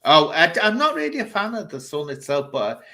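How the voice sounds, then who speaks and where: A man's voice: a little high, big pitch swings, brisk, sharp tone. A man hosting a casual chat, rambling and giving blunt opinions. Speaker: host.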